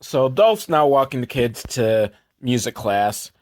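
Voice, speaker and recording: A man recapping a movie for comedy, sarcastic, jumping into quick put-on voices for the characters. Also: mid-range voice, sing-song.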